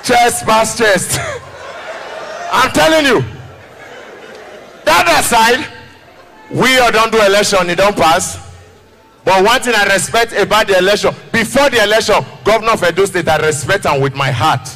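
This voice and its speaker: A man with a Nigerian accent doing animated stand-up comedy, shouting and singing as he acts out people. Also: sits high, normal speed, long pauses, in a large hall. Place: large live comedy venue. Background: loud crowd and music.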